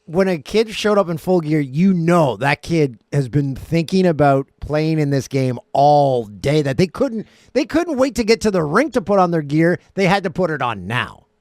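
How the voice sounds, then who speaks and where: A man's voice: fairly high pitch, big pitch swings, moderate pace, hardly any pauses, darkish tone, dry recording, studio quality. A man hosting a casual hockey talk show, trading playful jokes and banter with his co-host. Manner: playful, joking, banter-driven. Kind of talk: casual sports podcast talk.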